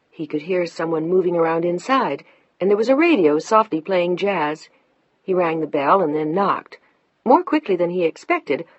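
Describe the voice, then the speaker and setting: Low, husky woman narrating. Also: dry recording, dull audio. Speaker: audiobook narrator. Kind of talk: scripted narration.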